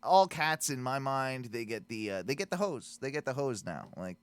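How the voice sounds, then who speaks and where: A man's voice: mid-range voice, animated, normal speed, clean tone, no room sound. A man co-hosting a podcast in casual, profane chat, laughing often and telling loose stories. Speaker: podcast co-host.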